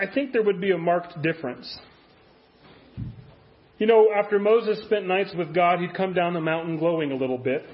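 A man's voice: high-pitched, dull audio. A man preaching a conversational sermon as a pastor, full of rhetorical questions.

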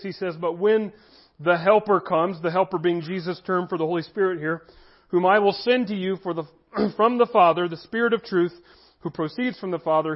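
A man with a high voice delivers a sermon, earnest and emphatic, drawing out key phrases. The recording sounds a little dull and lo-fi. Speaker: pastor.

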